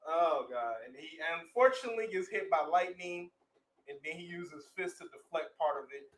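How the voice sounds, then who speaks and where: A man reads a comic book aloud and performs the characters with lively, excitable energy. His voice sits a little high for a man. The sound is roomy and echoey, with faint background noise. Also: normal speed. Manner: excitable, breaks into laughter and acts out characters. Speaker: comic reader.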